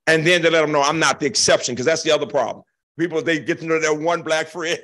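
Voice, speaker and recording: Older man, gravelly voice, keynote speaker, animated emphatic storytelling, dramatic pauses. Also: fairly high pitch. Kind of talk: storytelling answer to audience question. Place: lecture hall.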